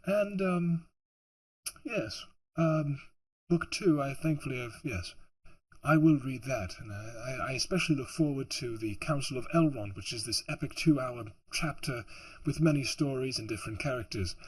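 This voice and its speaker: A man's voice: medium pitch, normal speed, slightly rough. A tired man in a put-on British accent, rambling and chuckling late at night. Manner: rambling, self-mocking, chuckling. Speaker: audiobook narrator.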